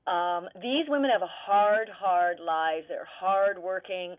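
A woman stage actor talking in a radio interview, animated, laughing often and searching for words. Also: lowish voice, takes it slowly. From Canada. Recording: tinny phone-line sound.

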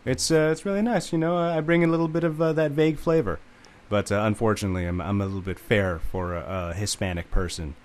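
Wry male podcast guest, slightly low voice, halting delivery. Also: steady tone. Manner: hesitant, lots of "uh", wry self-deprecating. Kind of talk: casual podcast chat.

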